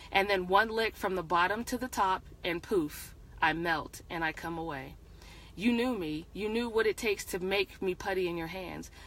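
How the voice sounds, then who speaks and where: A woman's voice: mid-range voice, fairly bright tone. Woman author, middle voice, reads her own erotic story aloud, hesitant, self-correcting. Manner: hesitant, frequent restarts while reading. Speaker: author reading her book.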